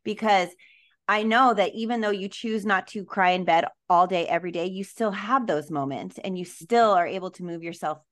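A woman's voice: medium pitch, moderate pace. A woman podcast host who asks reflective questions and affirms her guest. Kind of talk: interview conversation.

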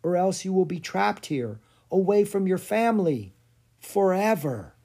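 A storyteller voicing a gentle, wise woman who hunts animals to help them, in a children's storybook. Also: medium pitch, big pitch swings, a little slow, voice pushed up. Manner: gentle, soft-spoken.

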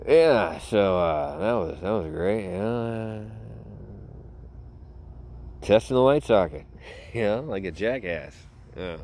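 A man with a slightly low-pitched voice hosts a casual podcast. He tells a rambling story in a loose, offhand way. He keeps breaking into laughter as he talks. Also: expressive, slow, long pauses, a little mellow. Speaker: podcast host.

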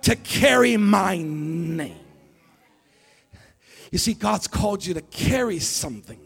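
A man preaching a sermon as pastor to a congregation in a church, calling out to the listeners and swinging from low talk to shouting. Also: very animated, slow, vocal fry, breathy edge. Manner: call-and-response preaching, dropping low then building to shouts. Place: church sanctuary before a congregation.

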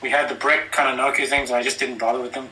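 A man's voice: mid-range voice, little pitch movement, quick pace, bright, forceful tone, far from the mic, a little hiss or hum, poor audio. An Irish man from Ireland telling rambling, profane anecdotes in a casual podcast chat. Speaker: podcast guest.

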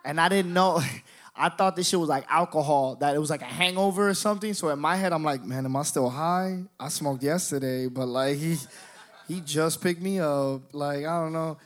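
Young male storyteller, slightly high voice, lively and profane, performs the other characters' lines. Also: moderate pace. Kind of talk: storytelling monologue.

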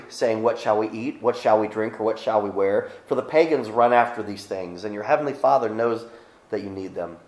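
A man's voice: fairly low pitch, roomy sound, rough recording. A middle-aged male pastor giving a sermon, reading scripture aloud and speaking conversationally with frequent restarts.

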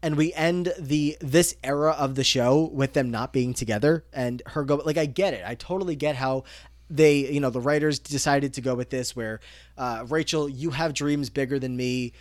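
A man co-hosting a podcast, recapping an episode in steady, casual conversation. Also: medium pitch, normal speed, no room sound, clean studio sound. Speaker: podcast co-host.

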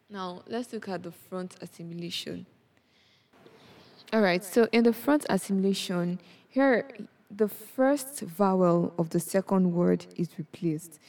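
A Yoruba language teacher explains a lesson on a podcast, often checking in with the listener with "yes?" and "okay?". Her fairly low voice has vocal fry and is a little mellow.

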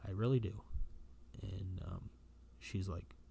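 A man's voice: sits low, takes it slowly, creaky, slightly rough. A man talking casually to camera as an enthusiastic comic fan, rambling with lots of fillers and restarts. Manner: excited fanboy, many fillers and restarts. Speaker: vlogger and comic collector.

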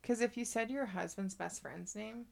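A woman's voice: on the high side, normal speed, creaky, a little mellow. A young woman co-hosting a podcast, chatting casually in a teasing way and laughing easily. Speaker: podcast co-host. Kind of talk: casual chat.

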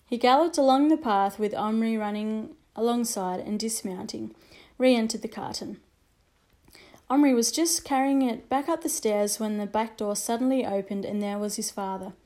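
A woman reading a children's storybook aloud in a measured, expressive way. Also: on the high side. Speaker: narrator.

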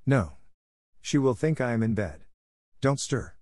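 A man's voice: medium pitch, lively intonation, a little slow, darkish tone, no room sound, clean studio sound, pitched above the performer's own voice. A man voicing a brave, imaginative young schoolgirl in an audiobook reading. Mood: hushed. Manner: earnest, brave storyteller.

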